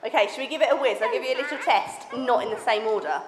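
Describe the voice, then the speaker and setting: A woman leading a children's session, teaching hand signs and reading a story to the kids in an animated, teacherly way. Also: fairly high pitch, fast. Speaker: children's ministry leader. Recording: echoey hall with faint background noise.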